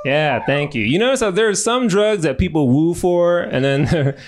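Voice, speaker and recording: On a noisy club stage, a man in his thirties with a slightly high, expressive voice riffs through crude, rambling stand-up built from audience suggestions. Speaking at a normal pace, the comedian often laughs at his own jokes, and the live recording picks up plenty of room noise.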